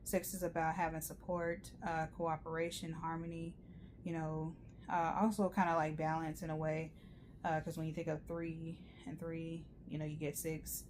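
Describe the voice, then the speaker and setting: A woman's voice: low-pitched, flat delivery, moderate pace, noisy background. A woman giving a rambling, chatty tarot reading, full of fillers and asides. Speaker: tarot reader. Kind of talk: casual tarot reading monologue.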